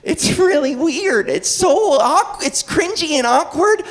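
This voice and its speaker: A woman's voice: high voice, expressive, slow. A woman in her thirties doing a live stand-up set, wry and self-deprecating. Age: 30s. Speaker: stand-up comedian. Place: comedy stage before live audience. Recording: live audience laughter in a club.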